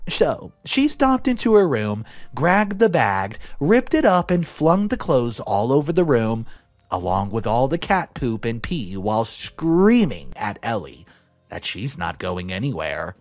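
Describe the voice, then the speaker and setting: A young man narrating a story aloud in a lively, expressive way, over faint music. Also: medium pitch, unhurried. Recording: dry close voice with faint music.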